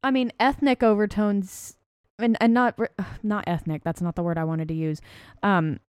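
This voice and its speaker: A woman's voice: mid-range voice, steady tone, normal speed, darkish tone, smooth, no echo, studio quality. A woman, co-hosting a podcast in casual chat, gushing and emphatic. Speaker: podcast co-host. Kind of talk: casual chat about a film.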